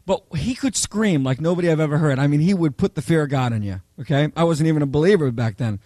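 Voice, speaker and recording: Man, pastor, high voice, dry close sound, animated storytelling sermon, frequent "okay?" check-ins. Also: quick pace, dry recording. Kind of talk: sermon with personal stories.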